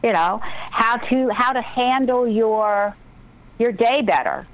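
A woman's voice: on the high side, slow, poor audio. A woman talking as an author guest on a radio interview, earnest and motivational. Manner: earnest, motivational, talks about breathing and intuition.

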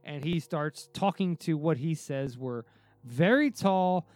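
A man hosting a podcast, telling a story in a casual, excitable way, with frequent restarts and casual swearing. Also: on the high side, takes it slowly, dry recording. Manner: excitable, many restarts and fillers, swears freely. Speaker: podcast host.

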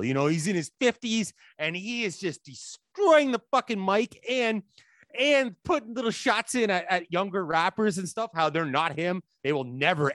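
Man, host, slightly higher voice, swears freely, dry close sound. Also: fairly bright tone, no room sound. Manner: enthusiastic, profane, halting restarts. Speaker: podcast host. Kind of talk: casual chat.

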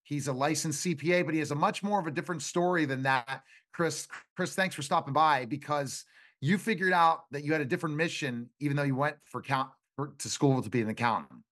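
A man's voice: a little high, fairly quick, fairly bright tone, no echo. A man hosting a talk show, introducing guests with upbeat enthusiasm. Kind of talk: casual interview chat.

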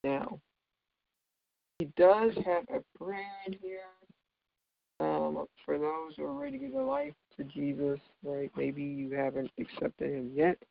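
A man's voice: on the high side, very animated, measured pace, gravelly, dry recording. A man giving an informal, earnest faith talk, emphatic and chatty, with lots of fillers. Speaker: devotional speaker. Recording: dull dry lo-fi recording.

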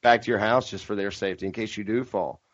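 A man's voice: lowish voice, fairly even intonation, fast talker, no echo. A man with a Southern US accent, co-hosting a podcast in a laid-back, casual way. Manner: laid-back, says man and dude a lot. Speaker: podcast co-host. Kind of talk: casual chat. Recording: dull lo-fi podcast audio, dry.

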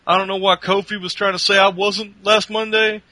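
A loud, boastful male wrestler, as a man impersonates him, running his mouth on commentary. The voice is bright and raised, with a dry, close sound. He taunts and swears with a cocky swagger. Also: high voice, level tone, moderate pace, no room sound, pitched above the performer's own voice.

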